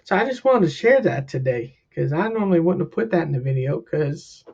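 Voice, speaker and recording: A man, a counselor, telling a personal story in a casual, animated way, jumping up in pitch when he acts out what people said. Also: a little fast, creaky, slightly rough. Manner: animated, acts out quotes with big pitch jumps. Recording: dull lo-fi recording.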